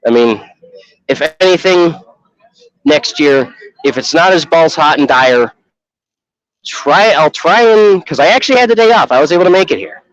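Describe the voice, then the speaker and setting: Streaming on his phone from an outdoor festival, a Chicago man with a voice on the high side and lively intonation rambles at a moderate pace, leaving long pauses. His chat is casual and profane, full of laughter, captured as dry, dull lo-fi phone audio.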